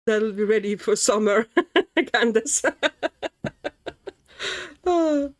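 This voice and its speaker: A woman hosts a relaxed livestream and chats while she colours. She talks at an unhurried, slow pace, greets viewers by name, and thinks aloud as she works. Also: a little high. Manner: chatty, laughs often, reads chat names aloud; muses aloud while working. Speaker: livestream host. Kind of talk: casual chat while colouring.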